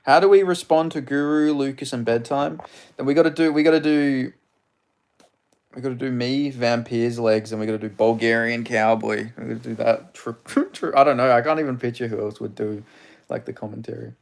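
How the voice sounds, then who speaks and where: A man's voice: medium pitch, fairly even intonation, fairly quick, gravelly. Australian man rambling on a live stream. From Perth, Australia. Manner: rambling, crude, greets chat by name. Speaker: livestream host. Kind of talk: casual live-stream chat.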